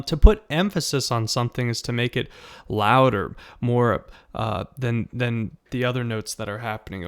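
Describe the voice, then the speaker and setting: A patient, encouraging man leads a beginner piano lesson, counting beats and naming keys slowly. His voice sits at an ordinary middle pitch, and soft piano notes sound behind him. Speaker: piano teacher.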